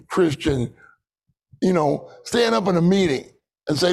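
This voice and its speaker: A man's voice: high-pitched, lively intonation, unhurried, creaky, pauses often, darkish tone, low-quality recording. An older man giving a conversational sermon testimony, telling stories and acting out what people said, with a laugh now and then. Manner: storytelling with laughs, acting out dialogue. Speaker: church speaker sharing a testimony.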